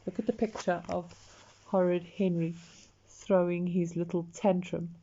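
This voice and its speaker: A woman reading a picture book aloud, expressive and talking to the listener. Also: fairly low pitch, highs cut off, slight background noise. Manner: slow, expressive, talks to the listener. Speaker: storyteller.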